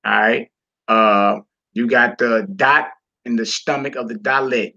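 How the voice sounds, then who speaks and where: A man's voice: mid-range voice, steady tone, measured pace, creaky, sharp tone, muffled recording. A man teaching a class from a Hebrew textbook, reading passages aloud and explaining them with casual, folksy asides to the listeners.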